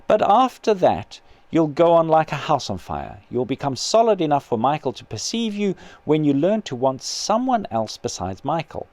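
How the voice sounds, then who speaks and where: A calm, kindly male spirit, read by a man, speaking in an earnest, patient voice that still rises and falls a lot. Close and dry. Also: on the high side, normal speed, few pauses, no room sound. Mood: gentle. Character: patient gentle male spirit, her brother.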